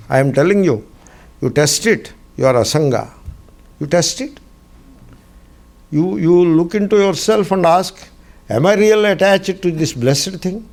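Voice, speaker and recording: A man with an Indian English accent gives a scriptural class, telling his stories with frequent chuckles. He drives his points home by repeating short phrases, and his voice sits a little high for a man. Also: a little mellow. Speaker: spiritual teacher.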